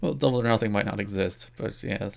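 A man's voice: lowish voice, fast, creaky. A man co-hosting a casual wrestling podcast, rambling and self-deprecating with lots of restarts. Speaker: podcast co-host.

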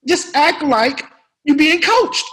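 A man doing an impression of a profane, commanding veteran actor, raising his voice high and loud and swearing bluntly. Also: animated, slow pace, heavily acted.

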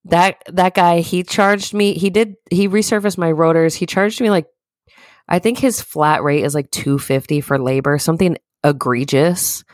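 A woman co-hosting a casual podcast, telling stories in a lively way and acting out quoted people. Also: on the low side, normal speed, no room sound. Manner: animated storyteller, acts out quotes in raised voices. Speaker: podcast co-host. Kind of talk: casual chat.

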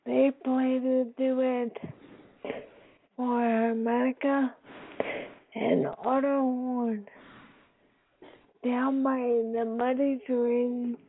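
A woman host reading a children's story aloud in a slow, careful read-aloud way. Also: high-pitched, level tone. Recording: tinny phone-like sound with faint hiss.

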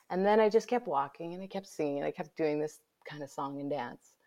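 A woman guest, an author, telling a personal story in conversation, lively and dropping to whispers for her inner thoughts. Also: low voice, brisk.

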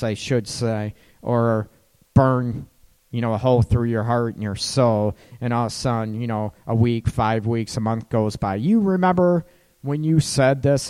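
Chatty radio host with a loose, laughing delivery. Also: male voice, medium pitch, a little mellow, clear, resonant tone, long reverb tail. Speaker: radio show host and counselor. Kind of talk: casual radio talk.

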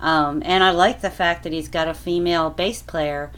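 A woman's voice: fairly low pitch, fairly even intonation, moderate pace, a bit bright, a little hiss or hum. A woman calling in to a podcast, chatty and rambling with many ums. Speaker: caller. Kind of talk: casual chat.

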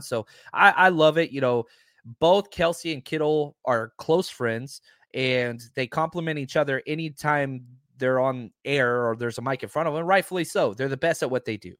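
A man hosting a sports talk show, talking casually and excitedly, stressing his points by repeating them. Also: mid-range voice, dry recording, clean studio sound. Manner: excitable, emphatic, keeps repeating himself.

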